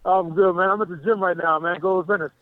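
A man phones in to a talk show from a gym, animatedly retelling a confrontation and acting out the dialogue. His high-pitched voice holds a steady tone at a quick pace, coming through a tinny, dry phone line with no echo.

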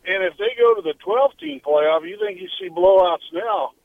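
A man's voice: extremely high pitch, sing-song, normal speed, vocal fry, dry recording. A man calling in to a radio show, rambling and hesitant as he thinks aloud over a phone line. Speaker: caller. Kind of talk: call-in radio chat.

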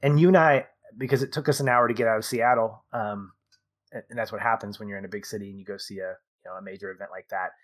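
A man's voice: on the low side, fairly even intonation, fast. A man in his thirties co-hosting a podcast, chatting casually and enthusiastically, rambling and correcting himself as he goes. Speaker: podcast co-host. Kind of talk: casual conversational review.

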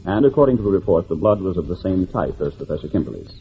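A businesslike deputy, low voice, quick, tinny radio with faint noise. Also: male voice, very animated, slightly rough, full character voice. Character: dutiful male police deputy. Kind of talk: 1940s radio acting. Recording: tinny old radio, slightly distant.

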